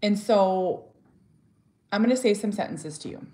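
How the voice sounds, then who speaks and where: A woman's voice: mid-range voice, animated, a little slow, mellow. A woman speaking candidly in a personal vlog as a mother and author, earnest and heartfelt, often restarting her sentences and sometimes blunt. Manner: talks openly and directly, sometimes blunt.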